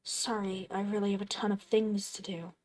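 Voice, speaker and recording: A woman's voice: medium pitch, flat delivery, moderate pace, close to an everyday voice. Woman reading paranoid angry loner. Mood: irritated. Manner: curt, agitated, swearing. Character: paranoid, angry lone man, tired and hostile. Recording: loud game music behind.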